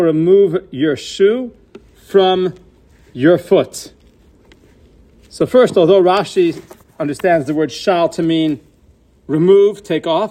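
The speaker is a Torah teacher lecturing to a class, his pitch fairly high and his tone a little mellow. He poses questions before answering them, mixing Hebrew and Yiddish-style terms into English.

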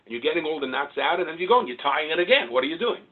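An older man in his sixties delivers an Orthodox Jewish sermon, telling stories and acting out both sides of conversations. His voice is husky, and it comes through a thin, tinny line that sounds like a telephone. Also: a little high, very fast. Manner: animated storyteller, acts out dialogue, swings to loud exclaiming peaks. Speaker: rabbi giving a talk.

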